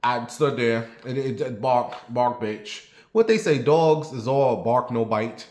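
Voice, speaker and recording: A man tells a rambling story straight to his viewers. He is blunt and swears freely, his voice sits at a middling pitch, and the room around him rings with echo. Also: unhurried, a little mellow. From New York. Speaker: vlogger. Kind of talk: casual storytelling monologue. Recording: roomy echo.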